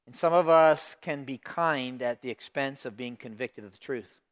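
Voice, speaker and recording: A middle-aged man delivers a sermon from the pulpit. His voice is smooth and resonant, at a middle pitch. He swings between hushed, intimate asides and loud, emphatic declarations. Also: moderate pace. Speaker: pastor.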